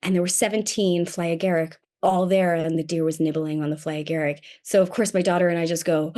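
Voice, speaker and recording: A woman tells a personal story as a podcast guest in a mid-pitched voice. Her delivery is casual and animated, often mocking herself. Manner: animated and self-mocking, acting out quoted voices.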